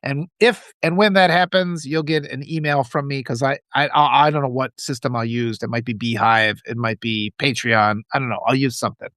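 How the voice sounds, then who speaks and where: A man's voice: medium pitch, fairly even intonation, brisk, hardly any pauses, fairly bright tone, no echo, clean studio sound. A man hosting a political livestream, reading viewer comments and ranting in a profane, riled-up way, with lots of restarts.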